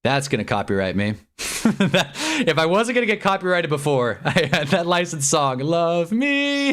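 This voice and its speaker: A man hosting a live reaction stream, talking in an excitable, rambling way and laughing often. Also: medium pitch.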